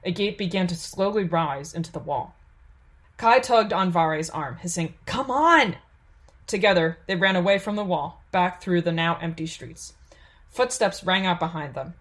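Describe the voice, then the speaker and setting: A woman reads a fantasy audiobook in a steady, measured storytelling voice. Her voice sits fairly low for a woman, and she keeps an even, unhurried pace through the narration.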